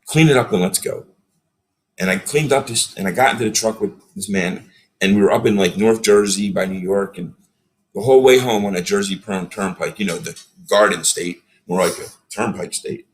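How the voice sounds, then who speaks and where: A man's voice: fairly low pitch, fairly quick, slight background noise. A man, a podcast guest telling stories in casual chat and acting out the people he quotes. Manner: animated storyteller, acts out quotes.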